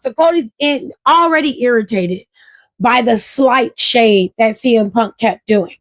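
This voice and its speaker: Woman host, fairly high voice, dry close sound, animated, profane, casual commentary. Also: dry recording. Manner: animated and profane, acts out quotes. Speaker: wrestling show reviewer, host.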